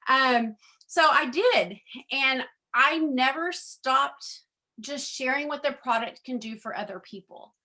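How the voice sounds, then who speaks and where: A woman's voice: sits high, slow pace, sharp tone. A middle-aged woman giving a chatty personal testimony to a group, acting out quoted conversations, with frequent ums. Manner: chatty storyteller, acts out quoted dialogue; frequent ums, addresses audience as guys. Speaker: network marketing speaker.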